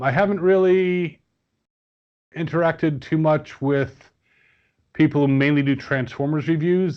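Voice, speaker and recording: A man's voice: medium pitch, smooth, muffled recording. A man chatting casually as a guest on a podcast, rambling with many fillers and restarts. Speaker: guest toy reviewer.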